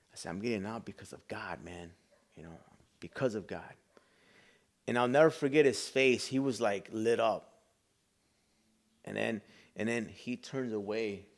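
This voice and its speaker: Middle-aged man from Chicago, podcast guest, earnest storyteller who voices the people he quotes. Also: lowish voice. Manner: earnest, emotional storyteller acting out dialogue.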